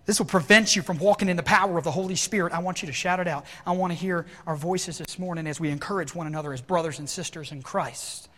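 A man preaching a sermon to his congregation, animated and acting out worried inner voices. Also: fairly high pitch, fast, few pauses, in a large hall. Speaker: pastor.

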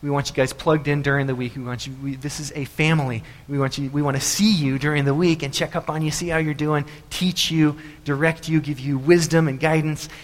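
A man's voice: on the high side, fairly even intonation, brisk, few pauses, long reverb tail. A male pastor giving a sermon in a church, talking in a loose, conversational way full of fillers and restarts. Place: church sanctuary.

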